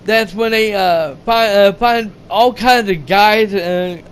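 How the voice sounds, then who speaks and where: A man's voice: high-pitched, slow, smooth. A man casually recapping a movie's plot, rambling and repeating himself with lots of "you know"s. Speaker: channel host reviewing a movie.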